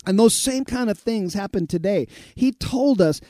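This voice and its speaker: Male radio pastor, high voice, dry close sound, emphatic preaching with repeated phrases. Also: animated, moderate pace, warm tone, dry recording. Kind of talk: radio sermon with listener messages.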